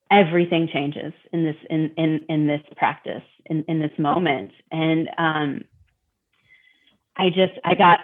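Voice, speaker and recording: A low-voiced middle-aged woman from Detroit speaks candidly as a guest about recovery. She repeats herself and acts out her inner thoughts, and the recording has a tinny, phone-like sound.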